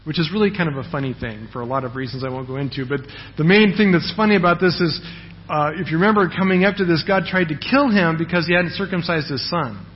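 Male pastor, conversational sermon delivery, slightly high pitch, muffled recording. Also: brisk. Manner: conversational, frequent "right?" check-ins.

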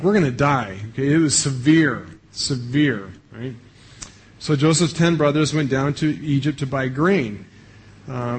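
Husky-voiced man giving a relaxed sermon. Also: medium pitch. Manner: conversational, with frequent fillers. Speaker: pastor.

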